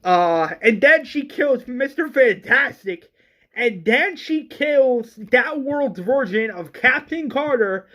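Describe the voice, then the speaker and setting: A movie reviewer ranting in an exasperated, excitable way, stumbling over restarts and swearing often. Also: mid-range voice, slow pace.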